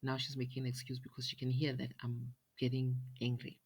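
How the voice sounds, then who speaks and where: A woman's voice: very deep voice, monotone, fairly quick, slightly rough. A woman host, telling a personal story emphatically and quoting what others said. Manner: emphatic, retells dialogue in quoted voices. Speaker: podcast host.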